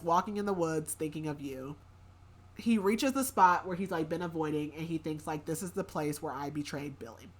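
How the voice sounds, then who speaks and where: Woman podcast host, somewhat low voice, loose and chatty with lots of fillers, casual recap read. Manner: rambling, heavy use of filler words.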